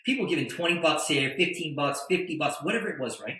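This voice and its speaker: A man, a podcast guest, telling a story in a casual, animated way, with stammered restarts and tag questions. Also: on the high side, quick pace, very echoey, low-quality recording. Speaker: podcast guest, attorney and entrepreneur.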